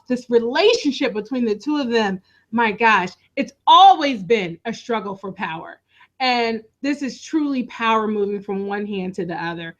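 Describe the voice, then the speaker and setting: A woman co-hosting a casual recap chat, enthusiastic and chatty. Her voice sits a little high, heard through dull, lo-fi audio. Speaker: co-host.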